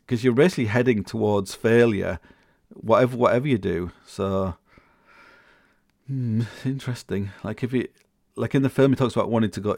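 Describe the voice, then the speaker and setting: A man's voice: fairly low pitch, creaky, a little mellow, no room sound, studio quality. A middle-aged man rambling casually as a podcast host, full of restarts and fillers, chuckling now and then.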